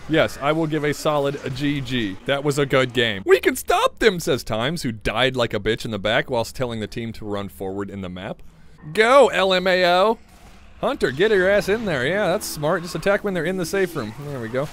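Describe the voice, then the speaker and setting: A man's voice: on the high side, animated, moderate pace, fairly bright tone, a little hiss or hum. A young man giving casual, sardonic commentary over his own gameplay, muttering to himself and swearing freely. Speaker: gaming video creator. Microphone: pop filter studio mic.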